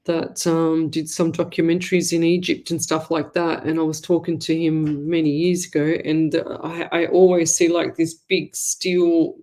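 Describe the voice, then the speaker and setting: A woman's voice: sits low, flat delivery, normal speed, few pauses, mellow. A woman hosting a live online show as a psychic medium, giving rambling, chatty readings to listeners.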